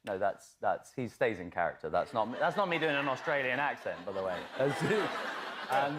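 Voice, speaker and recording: A man who is an actor, a guest on a talk show, telling an animated story and laughing often. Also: medium pitch, normal speed, background noise.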